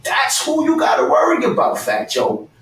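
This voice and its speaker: A man's voice: very high voice, moderate pace. Fired-up New man in an echoey room. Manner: animated, fired-up, repeats his target's name, bursts into shouting. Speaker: guest. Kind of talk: heated callout rant and storytelling. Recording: echoey room, mic set at a distance, faint background hiss.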